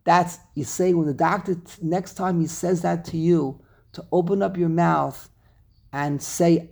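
Gravelly man teaching a text lesson. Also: on the high side, measured pace. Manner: animated, rhetorical questions, reads Hebrew terms aloud. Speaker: Torah teacher.

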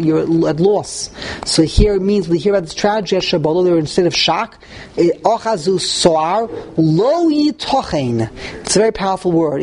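A man's voice: high voice, darkish tone, slight background noise, low-quality recording. A man teaching a text-study class, reading passages aloud and translating them as he thinks aloud. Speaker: Torah teacher.

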